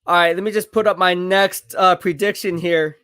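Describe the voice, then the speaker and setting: A man hosting a live stream, giving casual commentary, boastful and laughing often, with quick bursts of excitement. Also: high voice, clear, resonant tone, no room sound, clean studio sound.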